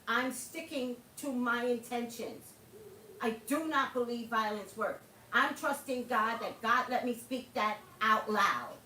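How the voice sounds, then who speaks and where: A woman's voice: a little high, a little slow, bright, forceful tone, reverberant, distant mic, a little hiss or hum, rough recording. A woman hosting a livestream, talking casually and passionately to her viewers, laughing often. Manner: impassioned, preachy, laughs often. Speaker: livestream host.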